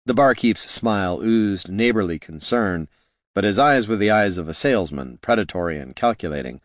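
A man narrates a fantasy novel in a steady, measured way. His voice sits low. The recording is close and dry, with no room sound. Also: dry recording. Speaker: audiobook narrator.

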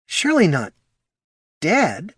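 Polite scribkin banker voiced by a man, high pitch, formal, flustered, lively. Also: normal speed, no echo, clean studio sound, full character voice. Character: polite, guilt-stricken male scribkin banker.

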